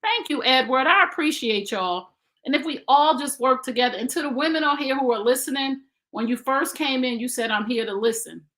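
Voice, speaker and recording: A woman's voice: high voice, fairly quick, fairly bright tone. A woman in her fifties giving blunt, preachy relationship advice in a casual live stream, speaking straight to her viewers. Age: 50s.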